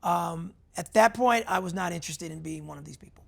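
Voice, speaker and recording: A man's voice: on the high side, brisk, vocal fry, a bit bright. A man in a candid conversation who talks in a playful, joking and teasing way. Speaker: actor in conversation.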